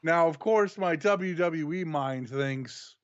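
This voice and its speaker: A man co-hosting a casual review show over a call, calm, dry and understated. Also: on the high side, takes it slowly, no room sound, muffled recording. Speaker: podcast co-host. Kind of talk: casual chat.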